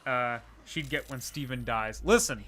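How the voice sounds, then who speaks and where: A man's voice: mid-range voice, a little slow, bright, forceful tone. A man streaming a video game live, chatting casually, laughing often and answering viewer questions as he plays. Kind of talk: livestream gameplay commentary and chat replies.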